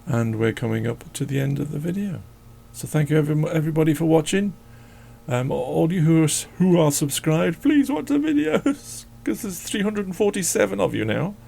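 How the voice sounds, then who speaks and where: A man's voice: a little high, fairly quick, gravelly, warm tone, slightly rough. A man chatting casually as he draws, rambling and joking and talking to his dog. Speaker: drawing channel host. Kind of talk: casual chat while drawing.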